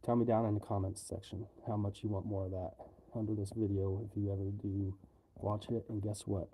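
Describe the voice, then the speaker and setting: A man's voice: fairly low pitch, little pitch movement, fairly quick, dark tone, slight background noise. A man live-streaming from home, talking casually in a flustered, exclamatory way.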